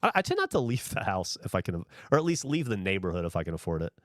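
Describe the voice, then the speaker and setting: A man's voice: deep voice, very animated, fast talker, no room sound, clean studio sound. A man from the American South with no regional accent left, hosting a livestream and chatting casually, rambling and swearing freely as he answers viewer comments. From Southern United States. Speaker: livestream host.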